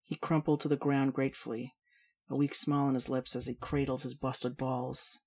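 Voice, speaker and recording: A woman reading adult fantasy fiction aloud in a steady storytelling manner. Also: very deep voice, normal speed, slightly rough. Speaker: reader. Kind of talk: fiction narration.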